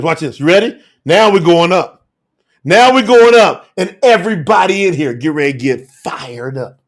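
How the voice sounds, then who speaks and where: A man teaching scripture on a live telethon, preaching with exuberant commentary, laughing often and calling out viewers by name. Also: high-pitched.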